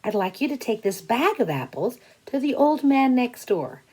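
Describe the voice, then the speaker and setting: A woman voicing a kindly, patient mother of five in a children's story, speaking gently and playfully and stretching out sounds. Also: a little high, very animated, normal speed, husky, voice pushed up. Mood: fond, amused.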